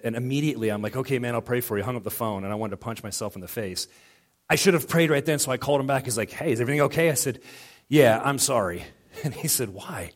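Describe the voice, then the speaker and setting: A middle-aged male pastor preaching a sermon in a conversational way, telling personal stories and acting out quoted dialogue. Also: on the low side.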